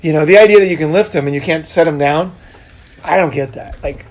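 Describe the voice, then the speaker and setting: A middle-aged man hosting a casual talk, telling animated stories with laughs and casual swearing. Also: fairly high pitch, brisk. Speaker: podcast host. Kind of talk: casual conversation, storytelling.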